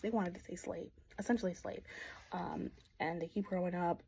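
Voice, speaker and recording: A woman's voice: fairly low pitch, normal speed, vocal fry, a little hiss or hum, poor audio. A young woman giving a casual, slangy book recap and acting out the characters as she goes. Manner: slangy, animated, acts out the characters. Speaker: book vlogger.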